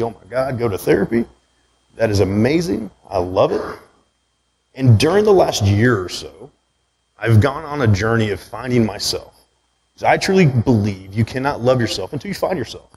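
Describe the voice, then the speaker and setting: A man's voice: medium pitch, a little mellow, slight background noise, low-quality recording. A man speaking to a live audience about his own life, candid and conversational, often checking in with "right?". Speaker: speaker giving a talk. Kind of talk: personal story talk to a live audience. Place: room with an audience.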